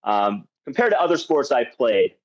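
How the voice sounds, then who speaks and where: A man hosting a podcast in casual interview chat, easing into questions with relaxed, rambling lead-ins. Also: mid-range voice, normal speed. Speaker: podcast host. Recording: dull lo-fi audio.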